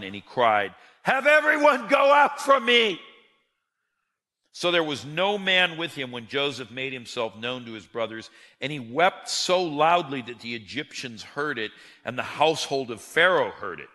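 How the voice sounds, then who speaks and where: Bright-voiced preacher in a reverberant hall. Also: male voice, medium pitch. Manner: animated storyteller who acts out quotes. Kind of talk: sermon.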